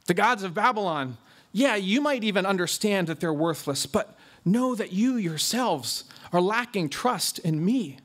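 An emphatic preacher, a man with a fairly high voice. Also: animated, a bit bright. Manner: emphatic, drawn-out stresses on key words. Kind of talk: expository sermon.

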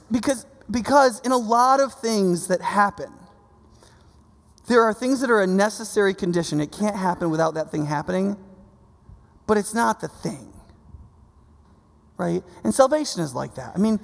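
Male preacher, conversational sermon, animated storytelling, long reverb. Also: high-pitched, vocal fry. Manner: conversational, asks "right?" often; animated storytelling with voiced quotes.

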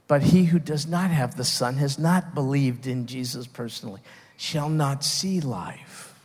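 A man's voice: mid-range voice, a little slow, a little mellow, in a large hall. A man preaching a sermon, earnest and emphatic, stopping and restarting as he builds his points. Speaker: pastor.

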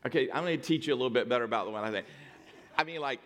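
A middle-aged man preaching a sermon, telling stories and moving from hushed, quiet passages to loud, emphatic points. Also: mid-range voice, racing, long reverb tail. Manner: storytelling, dynamic swings from hushed to loud emphatic. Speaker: pastor.

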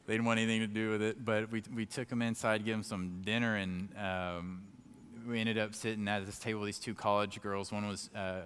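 A man sharing a personal testimony as a lively story and acting out his own thoughts as he goes. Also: fairly low pitch, smooth, long reverb tail. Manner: animated storyteller who acts out his own inner thoughts.

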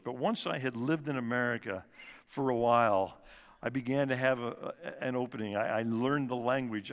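A man in his sixties tells his life story from a church platform, with earnest, unhurried conviction. His mid-pitched voice rings out into a big hall with a long reverb tail, and he lets key words fall quiet for weight. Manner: earnest storytelling, slows and drops soft for emphasis. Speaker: guest speaker at church service. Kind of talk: personal testimony talk. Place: church sanctuary.

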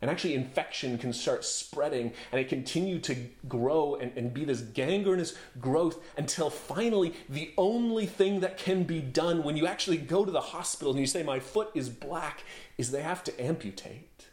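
A man's voice: fairly high pitch, normal speed, few pauses, a little mellow, reverberant. A man preaching a sermon as pastor, in a conversational storytelling way, with plenty of rhetorical questions. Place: home office.

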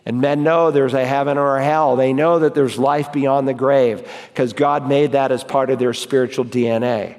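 Pastor guy preaching hard, mid-pitched voice, big church echo. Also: steady tone, darkish tone. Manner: emphatic preaching, scripture quotes read slowly. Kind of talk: sermon. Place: church sanctuary. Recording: long reverb of a church hall.

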